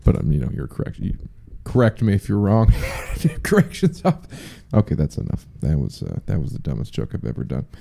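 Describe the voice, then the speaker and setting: A man's voice: low-pitched, sing-song, brisk, vocal fry, few pauses, warm tone. A young man hosting a podcast alone, rambling casually with profane jokes and chatty asides. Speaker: podcast host. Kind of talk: casual solo podcast chat.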